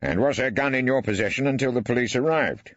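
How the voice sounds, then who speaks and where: An actor playing an elderly barrister in an audiobook, questioning with arch, ironic politeness. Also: male voice, medium pitch, quick pace, no room sound, pitched above the performer's own voice, lightly acted. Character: wry elderly male barrister, mock-polite. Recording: dry, slightly dull studio.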